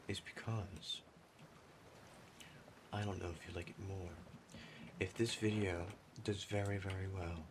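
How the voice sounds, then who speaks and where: A gaming YouTuber with a low-pitched, steady voice talks unhurriedly over his gameplay, rambling casually and poking fun at himself. Keyboard typing is clearly audible behind him.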